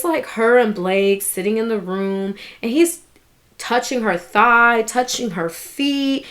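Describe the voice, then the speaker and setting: Indignant woman giving casual commentary. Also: a little high. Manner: candid, indignant, swears casually. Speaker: vlogger reviewing a documentary.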